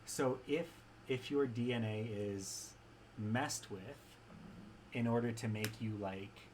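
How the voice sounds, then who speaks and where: An enthusiastic man chats casually, rambling through his thoughts and tossing in "right?" as he goes. His voice sits at an ordinary middle pitch, with a faint bit of ambient noise behind him. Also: steady tone, slow pace, darkish tone, low-quality recording. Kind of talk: casual chat.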